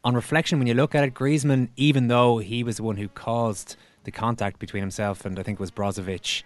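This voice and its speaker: A man hosting a football podcast, asking quick questions and reading rules aloud. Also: medium pitch, fairly even intonation. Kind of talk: casual podcast chat.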